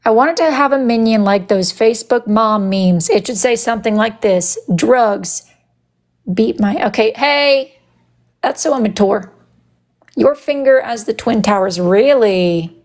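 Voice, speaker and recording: A woman's voice: on the high side, moderate pace. A woman hosting a casual live stream, chatting playfully and teasing her viewers as she reacts to their messages. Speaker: live-stream host doing wood burning.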